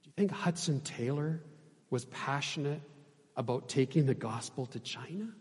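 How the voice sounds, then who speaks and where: A man preaching a sermon as pastor, impassioned, swinging between loud emphasis and hushed, quiet passages. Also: medium pitch, normal speed, big-room sound.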